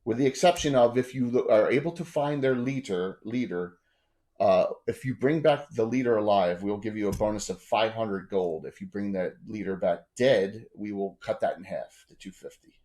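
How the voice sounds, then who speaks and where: A man voicing a stern woman guild officer in a tabletop game, speaking formally and haltingly. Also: on the low side, a little mellow, natural voice. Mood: businesslike. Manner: formal, businesslike, halting with fillers. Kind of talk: tabletop role-play.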